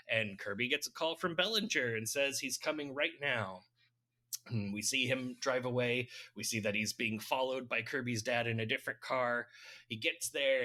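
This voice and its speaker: A man's voice: mid-range voice, sharp tone. A man co-hosting a podcast, casually recapping a film's plot with wry, laughing asides. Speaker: podcast co-host recapping a film. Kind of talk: casual chat.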